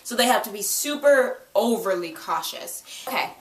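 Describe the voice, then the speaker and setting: A woman's voice: fairly high pitch, lively intonation, normal speed. A young woman casually recapping a TV episode, chatty and giggly, acting out the characters' lines as she goes. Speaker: TV episode reviewer. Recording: echoey room, distant from the mic.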